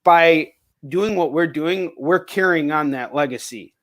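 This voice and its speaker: A man's voice: a little high, unhurried, a bit bright. A man hosting a casual video-call interview, loose and encouraging, swearing freely. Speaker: host.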